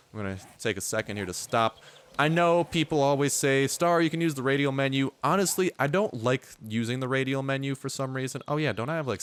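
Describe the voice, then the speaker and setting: A man's voice: medium pitch, fairly bright tone. A young man giving rambling, joking commentary while playing a survival video game. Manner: joking, rambling, playful mock speeches. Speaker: gaming YouTuber. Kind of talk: casual gameplay commentary.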